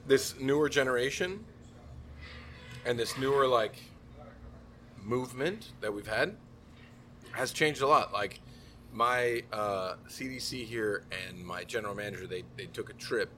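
Man, bright voice, host, laid-back, joking. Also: medium pitch, unhurried, long pauses, slight background noise. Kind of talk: casual chat.

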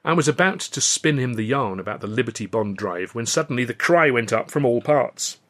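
A man narrating his own serialized novel in the first person, wry and measured. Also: mid-range voice, lively intonation, fairly bright tone. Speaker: author and reader of a serialized novel.

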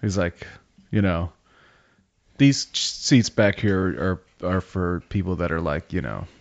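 A man's voice: sits low, expressive, measured pace, creaky. A man in casual chat, telling crude stories in a rambling, laughing way. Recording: dull lo-fi sound.

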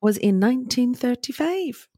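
A woman's voice: on the high side, lively intonation, normal speed, dark tone, dry recording, studio quality. A woman co-hosting a casual podcast, chatting and reading history notes aloud in a chatty, joking way. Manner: chatty, laughs, breaks into jokey voices. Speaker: podcast co-host.

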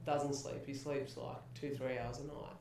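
A young man hosts a casual podcast chat, spinning a story with plenty of swearing. His voice stays level and flat in pitch. It sits well back from the mic in a very echoey room. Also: normal speed, a little hiss or hum. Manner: swears freely, animated anecdote-telling. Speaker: podcast host. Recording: roomy echo, mic at a distance.

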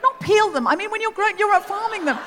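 An Australian-born woman hosting a live comedy podcast, telling stories with animated, giggly delivery on a theatre stage. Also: extremely high pitch, fast talker, some chatter behind. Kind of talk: live stand-up banter. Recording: live theatre with long reverb.

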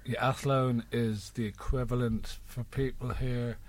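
A man's voice: medium pitch, little pitch movement, unhurried. A man hosting a radio comedy chat show, teasing and bantering with his guests. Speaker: radio host.

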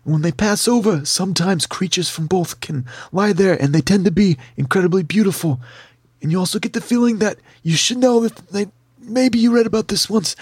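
A man's voice: high voice, breathy edge, no echo, clean studio sound. A man narrating a tabletop fantasy game as game master, with theatrical, vivid descriptions and playful asides.

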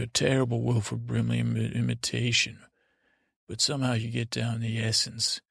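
A man hosting a podcast, telling a meandering bedtime story in a halting way, full of restarts. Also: medium pitch, completely flat delivery, gravelly, a bit bright, breathy edge, dry recording, clean studio sound. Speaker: podcast host. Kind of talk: rambling bedtime story narration.

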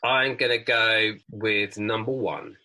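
A man's voice: lowish voice, fairly even intonation, slow pace, pushed and bright, poor audio. A man co-hosting a casual film review podcast, chatty and prone to restarts. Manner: chatty, with frequent restarts and filler. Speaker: podcast co-host.

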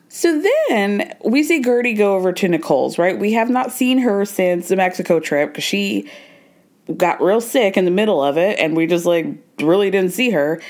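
A woman's voice: mid-range voice, darkish tone. A woman hosting a podcast, chatting casually and with opinions as she recaps reality TV, laughing now and then. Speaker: podcast host. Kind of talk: casual pop culture recap.

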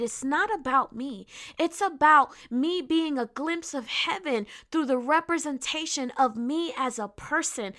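A woman hosting a faith podcast, teaching earnestly and often checking in with listeners with a quick "right?". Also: high voice, pushed and bright. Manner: restarts and repeats words, laughs lightly. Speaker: podcast host.

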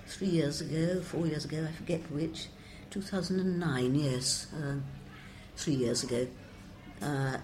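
A woman's voice: low voice, darkish tone. An older woman, a translator, giving wry, discursive interview answers and quoting verse with relish.

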